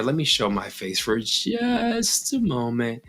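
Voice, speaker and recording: A man's voice: medium pitch, wildly swooping pitch, a bit bright, soft background music. A man hosting a livestream in a casual, playful and theatrical way. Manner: playful, theatrical, drawn-out delivery. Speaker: host of a compost channel livestream.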